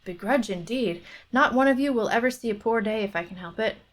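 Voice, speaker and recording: A woman's voice: on the high side, a little fast, natural voice, low-quality recording. A woman reading aloud as a shrewd male lord who catches out his porter and welcomes the guests. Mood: wry.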